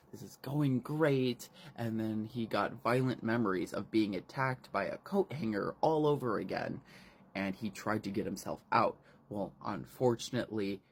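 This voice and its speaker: A man's voice: on the low side, gravelly. A man casually recapping a horror novel, rambling and swearing freely between fillers. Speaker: book reviewer.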